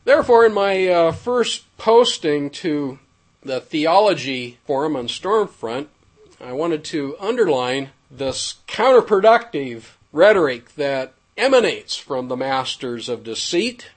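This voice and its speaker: A man reading a prepared text aloud in a formal, measured way with ornate wording. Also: on the high side, big pitch swings. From United States.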